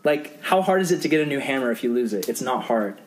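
A man's voice: animated, fast, slight background noise, low-quality recording. A young man preaching a youth group sermon as the youth pastor, earnest and conversational. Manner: earnest and conversational, acting out quoted voices in a higher pitch.

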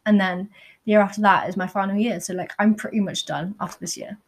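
A young adult woman hosts her podcast, delivering a candid, earnest personal monologue sprinkled with "like." Her mid-range voice is steady in tone, quick, and touched with vocal fry.

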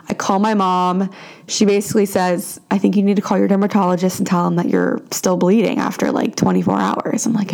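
A young woman casually telling a personal story as a podcast host, chatty and animated, full of "like" and asides. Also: mid-range voice, creaky. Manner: chatty, animated retelling with frequent "like" and "lo and behold".

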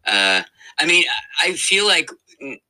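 Male voice actor guest, very bright forceful tone, lively pitch, easygoing and chatty. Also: unhurried, low-quality recording. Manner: animated, laughs often, many fillers and restarts. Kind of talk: casual interview chat.

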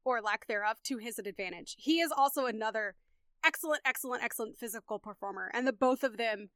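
High, bright woman gushing about movies. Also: quick pace, dry recording, clean studio sound. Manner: enthusiastic, gushing about actors. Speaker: podcast co-host. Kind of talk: casual movie discussion podcast.

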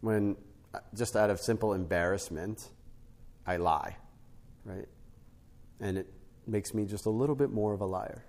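A middle-aged man, a podcast guest, teaching on spiritual life through a family story, with an animated storytelling manner that often checks in with "right?". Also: fairly low pitch, a little slow, long pauses. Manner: animated storyteller, rises to emphatic peaks, frequent "right?" tags.

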